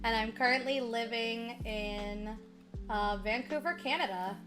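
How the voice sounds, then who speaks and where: A woman's voice: on the high side, a little slow, music in the background. A woman streamer from Chicago with a Midwestern accent, chatting casually and bubbly with viewers while playing at home. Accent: Midwestern American (Chicago). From Chicago, USA. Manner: bubbly, chatty, talks straight to viewers, easily sidetracked. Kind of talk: casual livestream chat while gaming.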